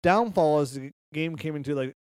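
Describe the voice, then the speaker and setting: A man co-hosting a podcast, chatting about football in a lively, joking, excitable way. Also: a little high, moderate pace, smooth, no room sound, studio quality. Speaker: podcast co-host. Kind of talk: casual sports chat.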